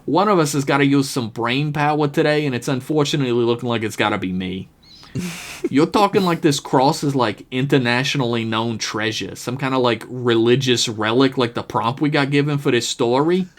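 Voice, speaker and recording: A man's voice: medium pitch, close to an everyday voice. A man doing a blunt, jaded detective. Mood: sarcastic. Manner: blunt, sarcastic, rapid.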